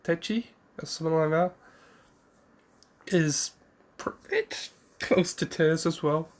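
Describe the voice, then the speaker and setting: Give me a man casually retelling a fan story with lots of asides, a bit high-pitched. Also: takes it slowly. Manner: rambling, with restarts and asides.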